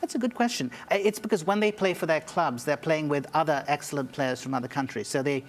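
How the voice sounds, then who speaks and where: A man speaking as a journalist guest in a studio interview, explaining his views in a measured, analytical way. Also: fairly high pitch.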